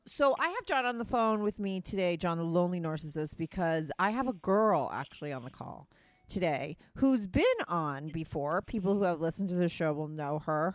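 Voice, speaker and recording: A woman's voice: deep voice, no echo. A woman with a New Jersey or New York accent hosting a podcast, talking in a blunt, chatty way and swearing freely. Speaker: podcast host. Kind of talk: casual chat. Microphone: phone call with co-host.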